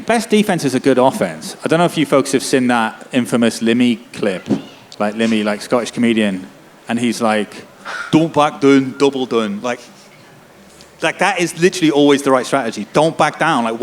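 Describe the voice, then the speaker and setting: A man's voice: a little high, a little hiss or hum. A man, a lawyer and activist, speaking with passion at a festival tent talk, filling his speech with "like" and "right?". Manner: impassioned, rapid, many "like" and "right?" tags. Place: festival tent before an audience.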